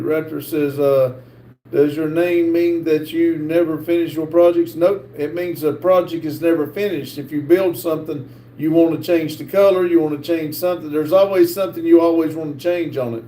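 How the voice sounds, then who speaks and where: A middle-aged man with a North Carolina accent hosts a live stream and reads viewer comments aloud, halting often with "uh". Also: a little high, mellow. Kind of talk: casual live-stream chat. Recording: echoey room with faint background hiss.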